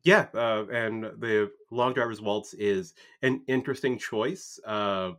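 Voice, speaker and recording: A man's voice: on the low side, fairly even intonation. A young Canadian man co-hosting a podcast, joking dryly and restarting his sentences often. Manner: wry, joking, halting restarts. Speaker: podcast co-host. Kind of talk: casual chat.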